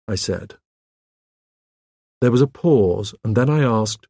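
Man, audiobook narrator, first-person story, husky, lively intonation, dry close sound. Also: fairly low pitch, slow pace, long pauses, dry recording.

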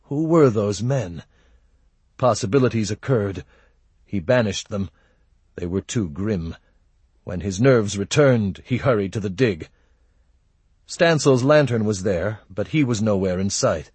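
A man with a low, husky voice reads a story aloud in a steady, measured way. The sound is close and dry, with no room around it. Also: no room sound. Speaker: narrator. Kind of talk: audiobook narration.

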